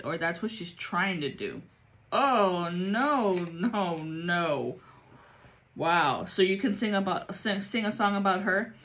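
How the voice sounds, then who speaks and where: A woman's voice: medium pitch, a bit bright. A woman giving a casual spiritual reading, blunt and full of profanity and street slang. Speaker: psychic reader.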